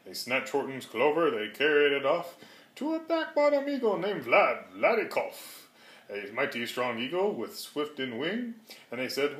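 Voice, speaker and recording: A man reads a rhyming storybook aloud with a rhythmic, sing-song bounce. His voice sits a little high and swings widely, and a roomy echo surrounds it. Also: wildly swooping pitch, unhurried, a bit bright. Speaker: reader.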